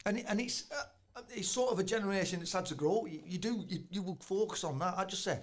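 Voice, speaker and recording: A man's voice: high voice, fast. A former footballer, talking bluntly in a casual chat and swearing a lot as he tells stories. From England. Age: 40s. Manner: blunt, heavy swearing, storytelling.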